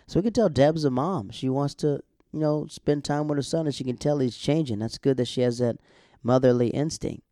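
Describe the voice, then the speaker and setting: A man's voice: medium pitch, fairly quick, mellow, no echo, clean studio sound. A young man casually recapping a TV episode, rambling and correcting himself as he goes. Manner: rambling, chatty, self-correcting asides. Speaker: show recap host.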